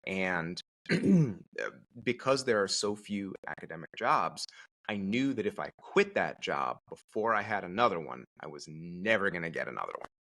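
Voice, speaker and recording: Male podcast guest with a bright, forceful voice and a slightly low pitch, animated storyteller. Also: normal speed. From Connecticut, USA. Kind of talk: casual conversational storytelling.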